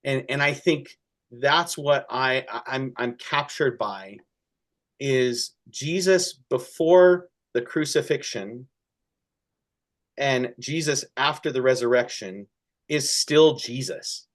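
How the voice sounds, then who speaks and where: Speaking in a mid-range voice, a male pastor takes part in a conversational discussion at church, earnest and halting. He keeps restarting, and his emotion swells as he goes.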